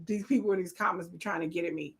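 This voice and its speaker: Speaking quickly in a fairly low, creaky voice, a woman of roughly thirty-something hosts an easygoing live stream. She tells spirited, sassy tales and laughs in bursts along the way.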